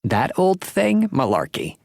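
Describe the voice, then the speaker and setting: A man voicing a chatty older woman in an audiobook, with a lively, scoffing way of talking. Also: mid-range voice, measured pace, creaky, dry recording, clean studio sound, voice pushed up, full character voice.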